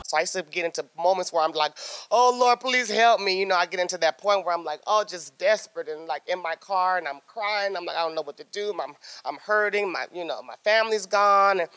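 Bright-voiced woman sharing a heartfelt testimony. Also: fairly low pitch. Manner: emotional, acts out her own past words, quick bursts. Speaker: guest, sister-in-law. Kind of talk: personal testimony.

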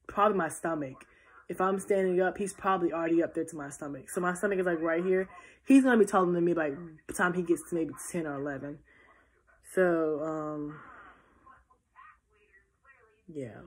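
A tired teenage girl talks into her phone for a casual question-and-answer vlog. Her voice sits a little low, and she rambles with frequent restarts. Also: slightly rough. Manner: chatty, rambling, many restarts. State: tired and yawning. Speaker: vlogger.

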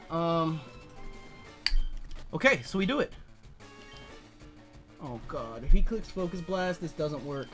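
A man commentating his video game run, swearing, swinging between yelling and muttering calculations, his voice strained from shouting. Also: sits high, expressive, slow pace, long pauses, faint music behind. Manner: swears a lot. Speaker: gaming YouTuber. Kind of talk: let's play commentary.

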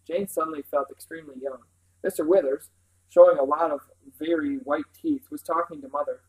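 A man reading a children's novel aloud in steady, clear storytelling. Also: on the high side, brisk, rough recording. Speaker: reader.

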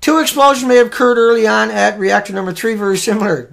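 Gravelly man ranting over headlines. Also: very high voice, fairly quick, few pauses. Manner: emphatic, heated, jumps into loud bursts. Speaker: live show host.

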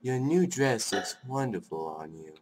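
A man voicing a calm, creepy, possessive father, reading the game dialogue in a soft, low, menacing tone. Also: measured pace, noisy background, lightly acted. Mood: eerily gentle.

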